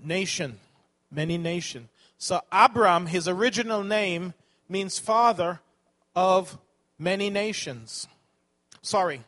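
Guy preaching a sermon, kinda high voice, keeps quizzing the crowd. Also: takes it slowly, fairly bright tone. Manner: asks the audience questions, corrects himself.

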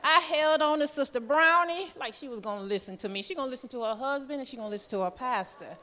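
Woman lay preacher, bright higher voice, nervous storyteller, church reverb. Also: fast. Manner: nervous, chatty storytelling with lively quoted voices. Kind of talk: testimony sermon.

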